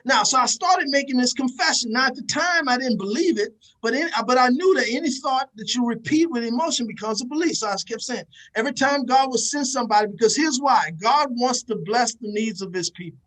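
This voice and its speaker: A man's voice: very high voice, brisk, hardly any pauses, fairly bright tone, poor audio. A man giving a preachy motivational talk, emphatic and repetitive, speaking straight to his audience.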